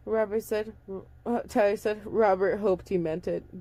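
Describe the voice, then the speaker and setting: A woman's voice: mid-range voice, steady tone, moderate pace, mellow. A young woman casually reading a story aloud, stumbling and restarting and breaking off for chatty asides. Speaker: audiobook reader. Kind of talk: casual book reading with commentary.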